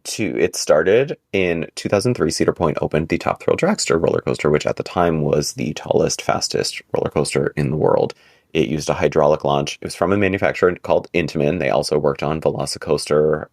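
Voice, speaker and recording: A man co-hosting a casual podcast, telling stories in an animated, exasperated way. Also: brisk, gravelly, no echo, clean studio sound. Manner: animated, exasperated storytelling with big pitch jumps. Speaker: podcast co-host.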